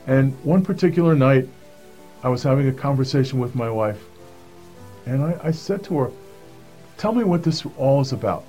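A man's voice: medium pitch, animated, moderate pace, long pauses, warm tone, soft background music. A man telling a personal faith testimony in an earnest storytelling manner, acting out the voices of the people he quotes. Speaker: speaker giving a personal testimony.

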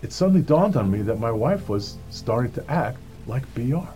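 A man of middling pitch recounts his personal testimony with earnest conviction. He slips into the voices of the people in his story as he goes, and soft music plays faintly behind him. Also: animated, normal speed. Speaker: speaker giving a personal testimony.

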